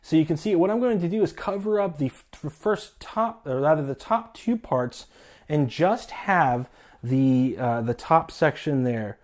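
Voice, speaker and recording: A man's voice: on the high side, animated, measured pace, darkish tone. A man casually reviewing a board game, chatty with many fillers and laughing at the topic. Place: indoors at a table with the game.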